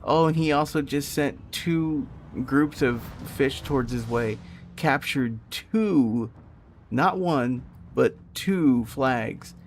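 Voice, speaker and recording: A young man streaming a naval battle game, reacting in excited bursts of live commentary. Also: mid-range voice, slow pace, a little hiss or hum.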